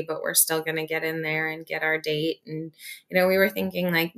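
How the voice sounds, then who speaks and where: A woman's voice: on the low side, creaky, a bit bright. A woman union organizer on a video-call interview, telling her story in an earnest, emotional way with many fillers and restarts.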